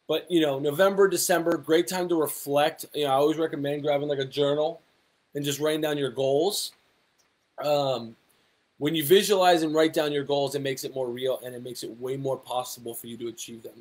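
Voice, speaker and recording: A young adult man, a fitness coach, giving casual motivational advice with lots of rhetorical questions and fillers. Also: on the high side. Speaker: fitness coach and personal trainer. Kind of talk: casual motivational talk to camera.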